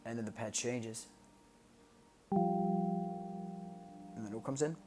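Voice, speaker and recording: A man draws out his words in a medium-pitched voice while casually breaking down his own songs on a stream. He uses plenty of fillers and sung sound effects, and the track's music plays loudly behind him.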